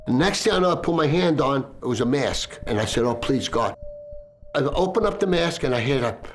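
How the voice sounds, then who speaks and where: A firefighter tells his story in an interview, animated and vivid, and acts out the shouts he heard. His voice sits a little high for a man. Music plays clearly behind him. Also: quick pace. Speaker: firefighter recalling events. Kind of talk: interview testimony.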